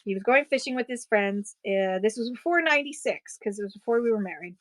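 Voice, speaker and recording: A woman's voice: fairly high pitch, animated, no echo. Chatty woman with a dry close voice. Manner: chatty, digressive, quick to laugh. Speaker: live-stream seller. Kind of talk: casual chat while selling.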